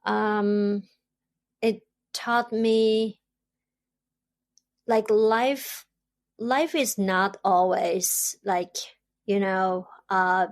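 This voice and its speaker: A woman from China, speaking English, answers interview questions in a reflective way. She stutters, repeats words and pauses often. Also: medium pitch, fairly even intonation. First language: Chinese. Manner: stutters, soft and thoughtful, with frequent pauses. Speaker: podcast guest, doctoral student.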